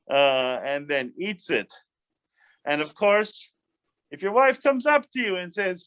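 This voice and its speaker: A man, a rabbi, leading a casual Bible study, talking in an animated, chatty way with many restarts and asides. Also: a little high, unhurried, smooth.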